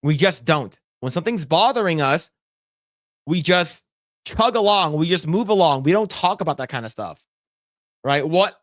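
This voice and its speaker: A man co-hosting a casual podcast, talking bluntly and profanely with lively storytelling. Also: a little high, normal speed, no echo, clean studio sound. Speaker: podcast co-host.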